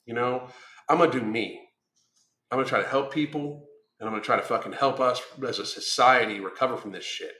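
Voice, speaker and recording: A man's voice: mid-range voice, brisk, bright, forceful tone, roomy sound. A man who is a weight-loss coach, delivering a blunt, combative monologue full of swearing. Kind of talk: profane ranting monologue.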